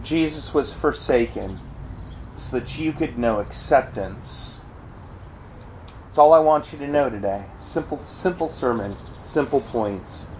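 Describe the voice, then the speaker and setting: A man preaching a sermon, earnest, often crying out quoted pleas loudly. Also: medium pitch, expressive, unhurried, slight background noise, rough recording. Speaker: pastor.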